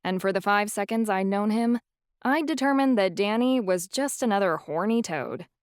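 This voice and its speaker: A woman narrating a first-person audiobook in an even, wry storytelling way. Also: mid-range voice, moderate pace, no room sound, clean studio sound.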